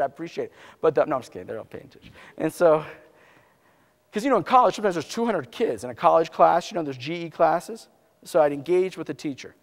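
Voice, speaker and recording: A man telling a joking, animated story as a motivational speaker to a live audience. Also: fairly high pitch. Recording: echoey hall.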